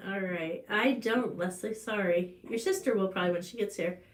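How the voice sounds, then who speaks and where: There's a little hiss or hum behind this woman, who has an Ozark American accent and hosts a farm channel live stream. At normal speed she tells a personal story in a chatty way with fillers and restarts, her voice climbing high on the emotional bits.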